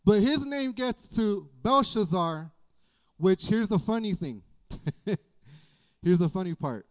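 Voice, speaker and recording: A man preaching a sermon as pastor, in a folksy, animated way with playful asides. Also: high-pitched, slow pace. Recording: dull lo-fi church audio.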